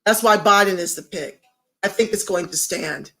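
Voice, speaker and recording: A woman's voice: mid-range voice, normal speed, a bit bright. A woman hosting a casual livestream, talking straight to viewers and greeting commenters by name. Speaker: livestream host.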